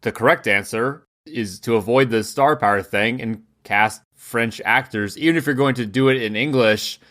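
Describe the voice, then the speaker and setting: A man of middle pitch chatting casually about films as a podcast co-host. He rambles and restarts his sentences, breaking into quick laughs along the way. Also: a bit bright. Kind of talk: casual film discussion.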